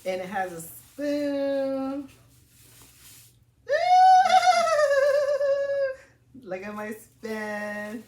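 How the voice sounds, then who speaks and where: A woman vlogging from home as she unboxes gifts, chatty and excitable, calling her viewers y'all. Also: medium pitch, drawn-out words, few pauses, reverberant, noisy background. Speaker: family vlogger. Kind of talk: casual unboxing vlog. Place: home, indoors.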